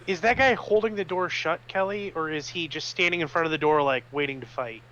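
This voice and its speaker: A man's voice: fairly high pitch, fairly quick, bright, forceful tone. A man playing a tabletop game, asking plain questions. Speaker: player. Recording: dull lo-fi mic.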